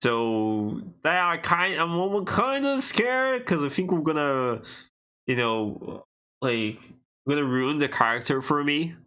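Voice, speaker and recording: Bright-voiced animated man co-hosting a podcast. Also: a little high, a little slow. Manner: animated, restarts often, laughs easily. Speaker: podcast co-host. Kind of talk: casual chat.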